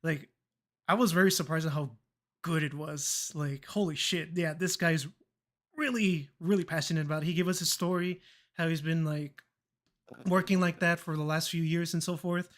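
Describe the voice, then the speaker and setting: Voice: medium pitch, fairly even intonation, normal speed, fairly bright tone. Young adult streamer telling rambling stories. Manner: rambling, laughing, swears, acts out quoted dialogue. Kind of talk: casual storytelling chat.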